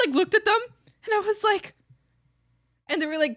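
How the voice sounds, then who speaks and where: High-voiced woman chatting while drawing. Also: fast talker. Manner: animated, bursts of laughter, rambling asides. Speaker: streamer. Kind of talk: casual chat while drawing.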